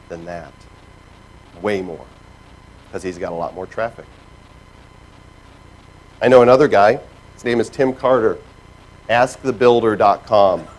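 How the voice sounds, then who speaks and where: A man giving a lively seminar talk to a live audience, telling stories with sound effects and mimicked voices. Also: mid-range voice, low-quality recording. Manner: animated storytelling with character voices and sound effects. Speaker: keynote speaker. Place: stage before a live audience.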